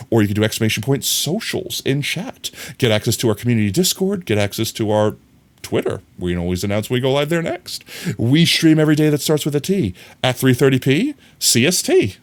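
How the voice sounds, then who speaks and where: A man's voice: mid-range voice, very animated, quick pace. A man streaming live, chatting casually with his viewers in a playful, joking way. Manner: playful, joking, chuckles often.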